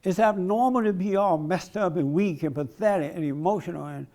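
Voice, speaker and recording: Man, conference speaker, preaching style, high-pitched, gravelly, blunt, emphatic. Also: fairly quick, darkish tone. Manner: emphatic, blunt, laughs along with the crowd. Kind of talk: preaching-style talk to an audience.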